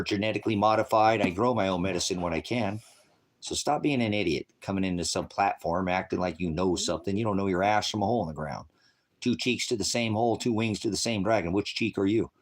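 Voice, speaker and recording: On a live stream, a sixty-something man delivers a meandering monologue full of profanity. His delivery lurches from quiet mumbling to loud tirades.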